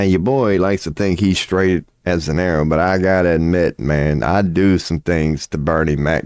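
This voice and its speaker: A man with a deep, low voice rambles through a casual livestream rant. He is profane and excitable, and his voice sounds dry and close to the mic. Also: no room sound. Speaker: streamer offering tarot readings.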